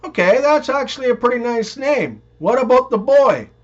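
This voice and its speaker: Guy doing a frazzled lady voice, goes up high. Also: lively intonation, normal speed, highs cut off. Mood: exasperated. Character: flustered young mother just out of coma.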